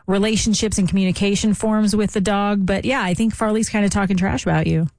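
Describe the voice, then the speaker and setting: A woman's voice: mid-range voice, fairly even intonation, fast, darkish tone, dry recording. Chatty woman co-hosting radio. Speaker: radio show co-host. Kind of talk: casual radio chat.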